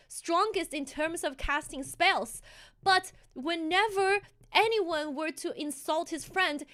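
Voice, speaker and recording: A woman streamer talks in a high voice in a heated, animated live-stream rant. She keeps stumbling and restarting her sentences as she pushes her point.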